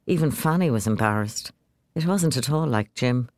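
A woman reading a short story aloud in a measured, expressive narration. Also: rumbling low, no room sound, clean studio sound.

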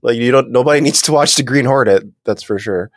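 A man's voice: mid-range voice, fast, no room sound, studio quality. A man co-hosting a podcast in casual chat, joking and laughing often while recovering from a cold. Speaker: podcast co-host.

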